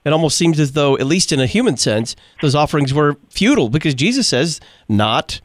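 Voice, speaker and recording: A man's voice: on the high side, sing-song, fairly quick, dry recording. A man hosting a religious radio talk show, posing questions to a guest in a conversational way. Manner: conversational, thinking aloud in questions. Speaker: radio host.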